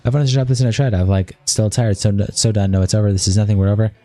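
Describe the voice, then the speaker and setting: Very fast, dark-voiced man reading messages. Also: on the low side, no room sound. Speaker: streamer. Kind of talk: reading chat messages aloud on a livestream.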